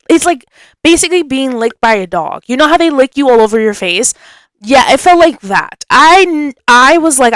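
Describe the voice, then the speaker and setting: A young woman hosting a podcast, telling a story in a chatty, animated way and acting out what people said. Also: high voice, no room sound. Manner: animated, chatty, acts out quotes. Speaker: podcast host. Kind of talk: casual storytelling.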